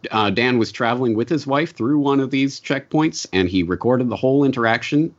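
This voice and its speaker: Low-voiced man, measured and explanatory. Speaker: podcast guest. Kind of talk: conversational interview answer. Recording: dull lo-fi podcast audio.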